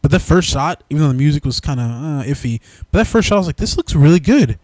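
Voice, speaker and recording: With a fairly high voice and a quick pace, this movie review co-host talks animatedly on a dry recording. He keeps slipping into exaggerated, mocking voices to send up the dialogue.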